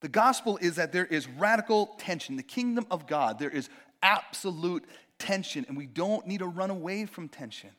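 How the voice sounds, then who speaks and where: A man's voice: high voice, lively intonation, normal speed, a bit bright. A young man preaching a sermon in a casual, conversational way, full of fillers and acted-out quotes. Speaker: pastor.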